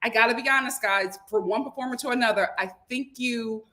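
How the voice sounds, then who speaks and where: A young woman hosting a casual chat, telling stories in an animated, laughing way. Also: a little high, a little fast. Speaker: host.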